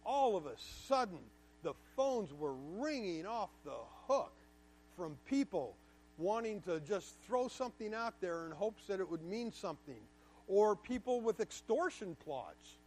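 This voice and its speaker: High-voiced man telling his story emphatically. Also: big pitch swings, measured pace, darkish tone, a little hiss or hum. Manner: emphatic, candid, repeats words for stress. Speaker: guest speaker to a class. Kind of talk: personal storytelling lecture.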